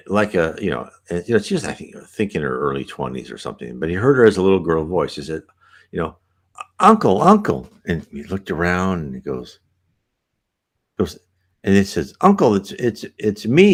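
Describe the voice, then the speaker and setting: A man's voice: a bass voice, expressive, normal speed. A man reading a book aloud and breaking off into conversational asides, with many restarts. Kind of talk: reading with commentary.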